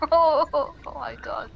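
A female player in casual banter over a video game, teasing and giggling, stammering when excited. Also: sits high, vocal fry, highs cut off, a little hiss or hum. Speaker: gamer.

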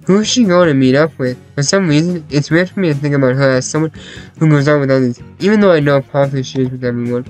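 A man reading a visual novel aloud as its first-person hero, laid-back and deadpan, over faint music. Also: on the high side, quick pace, rough recording.

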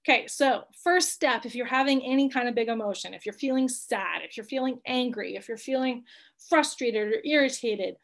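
A woman in her thirties leads a live online class, her voice sitting a little high for a woman. She talks in a chatty, reassuring way, with frequent ums and light laughs as she checks in with her listeners. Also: moderate pace. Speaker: coach teaching emotional wellbeing.

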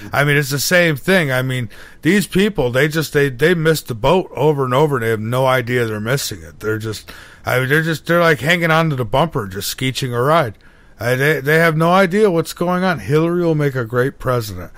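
A middle-aged man hosting a talk radio show, telling a story excitably with many restarts. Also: medium pitch, brisk, no echo. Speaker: radio host. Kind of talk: casual talk radio chat.

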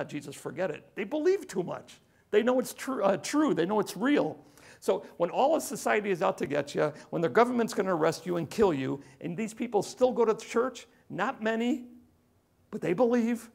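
A man preaching a sermon as pastor, conversational, swinging from loud emphasis to hushed tones. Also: high-pitched, gravelly, husky.

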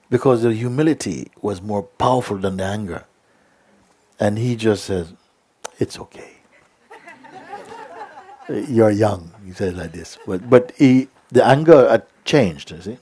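A man giving a spiritual talk, telling a story in an unhurried way with many hesitations. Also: mid-range voice, lively intonation, darkish tone, slightly rough. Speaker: spiritual teacher.

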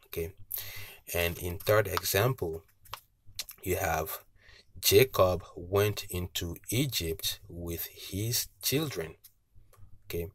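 A man teaching a language lesson, patiently repeating each word slowly with tone cues, pausing often with uh and okay. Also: low-pitched, fairly even intonation, no echo. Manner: frequent hesitations with uh and okay. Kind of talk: slow spoken language lesson.

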